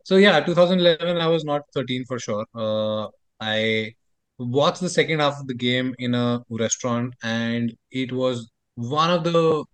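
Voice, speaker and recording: A man's voice: medium pitch, a little slow, smooth, no echo. A man in his thirties from India, chatting casually as a podcast co-host and telling stories in a rambling, hesitant way. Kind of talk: casual chat.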